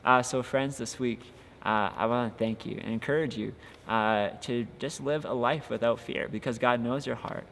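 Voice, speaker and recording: Here a young youth pastor gives an encouraging, earnest devotional talk for a casual podcast, with many filler sounds. His voice is mid-range, steady and a bit bright, with vocal fry and a normal speed. Long reverb and faint ambient noise fill the recording.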